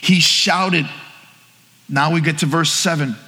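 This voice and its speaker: A man preaching a sermon to his church, swinging from shouted lines to hushed ones. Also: fairly high pitch, fairly even intonation, slow, in a large hall. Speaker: pastor. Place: church hall with congregation.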